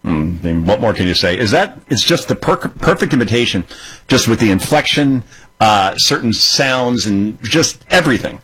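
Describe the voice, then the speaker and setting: A man's voice: medium pitch, expressive, normal speed, a bit bright, breathy edge, poor audio. A man hosting a radio show, chatting loosely and digressively. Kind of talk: casual radio talk.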